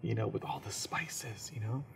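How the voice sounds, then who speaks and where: A man from San Francisco, a comedian, telling comic stories as an interview guest in an animated, joking way. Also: lowish voice, normal speed, gravelly, a little hiss or hum. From San Francisco, USA. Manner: animated, jokes and slips into impressions.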